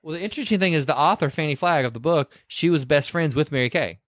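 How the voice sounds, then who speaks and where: A man's voice: fairly high pitch, fast, no echo, clean studio sound. A man, co-hosting a podcast and recapping a movie in a casual, storytelling way. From Southern US. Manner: animated storyteller who slips into quoted voices. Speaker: podcast co-host.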